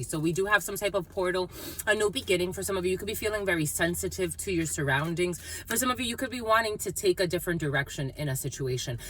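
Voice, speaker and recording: A woman doing a casual, rambling intuitive reading, playful and quick to laugh. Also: lowish voice, a bit bright. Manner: rambling, playful, laughs often, terms of endearment. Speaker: psychic tarot reader.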